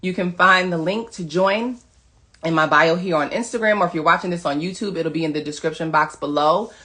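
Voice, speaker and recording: A woman's voice: fairly low pitch, a little fast, bright, forceful tone. A woman wellness coach giving an emphatic, preachy motivational monologue to her followers, repeating short commands. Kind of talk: motivational social media monologue.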